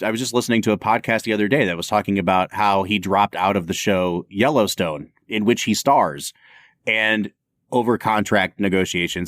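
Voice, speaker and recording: A man on a film podcast talks in an animated, opinionated way, his pitch rising and falling widely. He laughs often, and his voice sits close to the mic in a dry, dead room. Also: dry recording. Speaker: podcast co-host. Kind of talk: casual film chat.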